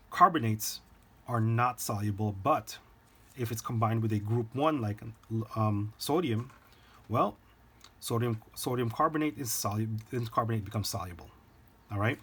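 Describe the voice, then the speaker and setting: Husky-voiced male teacher giving a lecture. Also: mid-range voice, fairly bright tone. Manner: informal, talks to students directly, jokes. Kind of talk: recorded chemistry lecture.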